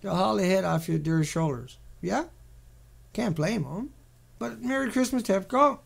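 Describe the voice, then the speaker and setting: A man's voice: sits high, animated, a little slow, creaky. A man giving sarcastic, ranting commentary on a series of pictures, mocking and repetitive in his delivery. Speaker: video commentator.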